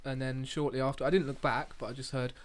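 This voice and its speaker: A man's voice: mid-range voice, little pitch movement, quick pace, a crowd in the background. A man co-hosting a casual chat, telling rambling anecdotes full of fillers. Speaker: podcast co-host.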